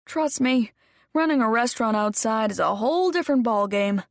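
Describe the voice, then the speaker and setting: A woman voicing an excitable, anxious young man who gushes at his best friend, in an audiobook. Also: moderate pace, gravelly, dry recording, clean studio sound. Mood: pleading. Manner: high-pitched and gushing.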